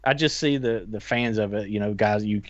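A man's voice: fairly low pitch, moderate pace, dry recording. A man co-hosting a podcast in casual chat, rambling and joking sardonically. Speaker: podcast co-host. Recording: dull, lo-fi.

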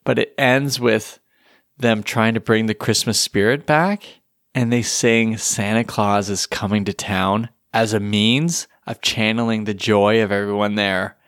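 Low-voiced man, dry close podcast sound. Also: steady tone, a little slow, a bit bright, no room sound. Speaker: podcast co-host. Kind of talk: casual chat.

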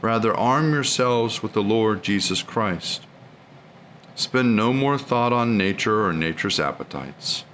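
A man giving a steady, reverent recitation of prayers and a devotional reading in a liturgical service. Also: lowish voice, measured pace, slight background noise.

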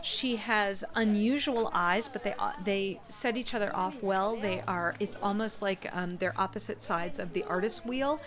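A woman's voice: medium pitch, normal speed, few pauses. A woman who is the game master, narrating a tabletop game in a playful way and laughing often.

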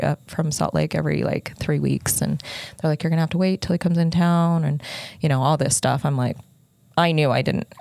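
A woman telling a painful personal story in halting, earnest speech, full of restarts and close to tears. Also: low voice, vocal fry, a little mellow, dry recording. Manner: halting, with many restarts and fillers.

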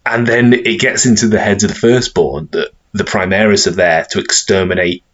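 A man co-hosting a podcast in casual chat, relaxed and hesitant with many ums. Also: fairly low pitch, normal speed. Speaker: podcast co-host. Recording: slightly dull lo-fi recording.

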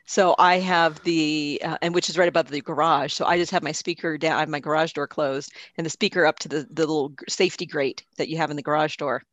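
A woman's voice: low voice, fairly even intonation, fast talker, hardly any pauses, fairly bright tone, no room sound. A woman chatting on a podcast, enthusiastic and giggly. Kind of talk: casual chat.

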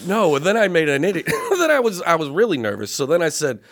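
Lively laughing comedian guest, male. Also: on the high side, fast talker. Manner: laughs often, sheepish. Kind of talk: casual chat.

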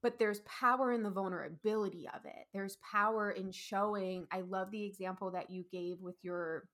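A woman's voice: medium pitch, steady tone, moderate pace, fairly bright tone. A woman hosting a podcast, affirming her guest with enthusiasm and plenty of casual filler words. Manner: affirming and enthusiastic, many "mm-hmm"s and "like"s. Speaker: podcast host. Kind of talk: casual interview chat.

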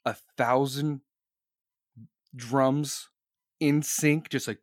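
A man streaming live, chatting casually and profanely to his audience, excitable and laughing between remarks. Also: mid-range voice, a little slow, long pauses, no room sound, studio quality.

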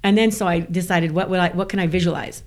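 Animated woman from the American South. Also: fairly low pitch, quick pace. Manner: animated, laughs often while telling a story. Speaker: guest. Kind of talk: casual storytelling.

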